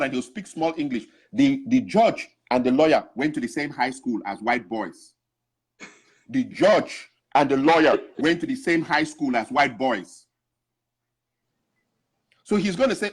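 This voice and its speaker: A man's voice: mid-range voice, animated, normal speed. A man giving an impassioned, preachy talk to other men, urging them to change and acting out other people's words along the way. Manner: preachy, urgent, mimics others mid-story. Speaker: speaker addressing African men. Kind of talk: impassioned exhortation with acted-out quotes.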